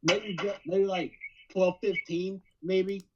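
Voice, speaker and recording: A man with a high, husky voice rambles through a podcast chat. He hedges and restarts his sentences again and again. His mic sounds muffled and lo-fi. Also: steady tone, slow pace. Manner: rambling, hedging, many restarts. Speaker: podcast panelist.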